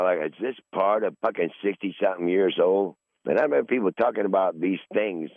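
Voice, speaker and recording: Sixties male podcast host, profane rambling monologue, lowish voice, dull dry recording. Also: no room sound. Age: 60s. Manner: profane, rambling, repeats himself.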